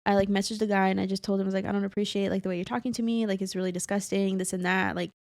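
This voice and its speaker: A woman's voice: mid-range voice, little pitch movement, rapid-fire, a little mellow, no room sound. A young woman co-hosting a podcast, telling a personal story in casual chat, full of fillers and close to tears at times. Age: young adult. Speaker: podcast co-host.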